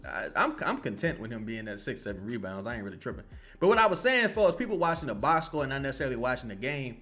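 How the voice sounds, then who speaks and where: A man's voice: mid-range voice, a bit bright. A young man watching a basketball game and reacting live, swearing a lot and ranting in bursts. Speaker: basketball commentator streamer.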